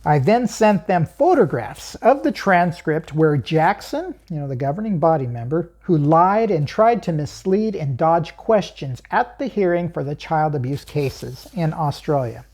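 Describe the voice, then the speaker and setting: A woman's voice: deep voice, very animated, unhurried, hardly any pauses, darkish tone. A woman hosting her own channel, telling a personal story in an emphatic way, chuckling often and asking herself questions.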